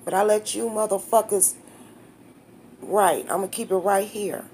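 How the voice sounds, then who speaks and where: A woman's voice: mid-range voice, fairly even intonation, a little slow, darkish tone, a little hiss or hum. Emotional woman in her fifties vlogging. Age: 50s. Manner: blunt, candid, slangy and emotional. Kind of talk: emotional casual vlog talk.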